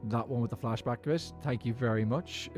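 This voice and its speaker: Music plays behind this Irish man as he streams a game and rambles to his viewers. His voice sits at a medium pitch and moves at a moderate pace, and the talk is relaxed live-stream chatter where he thinks aloud while gaming.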